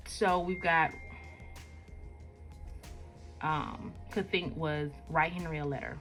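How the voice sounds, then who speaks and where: A woman's voice: low-pitched, fairly even intonation, unhurried, a bit bright, faint music behind. A woman casually reading through her own webcomic, chatty and full of fillers. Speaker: webcomic creator. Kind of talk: casual comic read-aloud.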